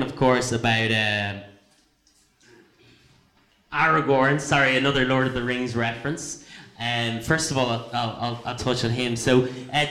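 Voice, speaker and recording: A man giving an informal sermon, conversational, with many fillers and restarts, quiet at times and emphatic at others. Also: mid-range voice. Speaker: preacher.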